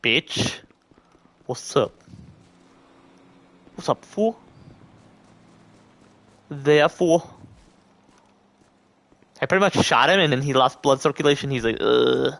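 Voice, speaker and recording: A young man live-streaming a game, chatting with his viewers and reacting with loud, profane outbursts. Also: mid-range voice, measured pace, long pauses. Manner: profane, talks to chat, reacts loudly. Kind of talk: casual live-stream gaming commentary.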